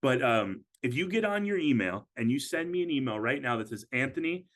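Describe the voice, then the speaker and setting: Speaking as a financial advisor, a middle-pitched man hosts a webinar in a casual, conversational, sing-song way. He frequently pauses on fillers and starts his sentences over.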